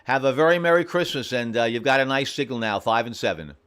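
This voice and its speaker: A man running an amateur radio station from home, friendly and repeating call signs slowly and carefully. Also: medium pitch, lively intonation, fairly bright tone, clean tone. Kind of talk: on-air radio contacts, reading call signs.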